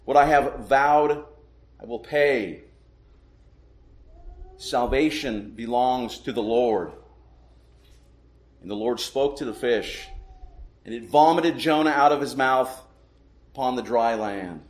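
A man preaching a sermon as pastor, praying and reading scripture in a solemn, measured way, slowing for emphasis. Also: mid-range voice, echoey room, poor audio.

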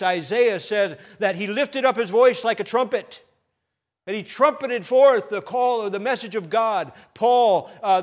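Pastor guy preaching, kinda high voice, gets loud and punchy on the big points. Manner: preaching with rising emphatic bursts. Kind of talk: sermon.

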